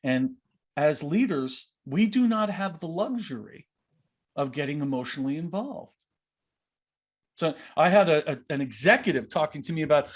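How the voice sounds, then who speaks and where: A man coaching on leadership over a video call, his voice a little higher than most men's. He talks in an animated way and slips into the voices of the people he quotes. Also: moderate pace. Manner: animated, acts out quoted speech. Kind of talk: online masterclass Q&A.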